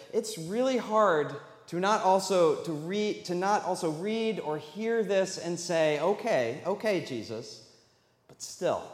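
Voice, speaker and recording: Man, pastor, conversational sermon, questions to congregation, long reverb. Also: high-pitched. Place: church sanctuary. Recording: echoey hall, long reverb.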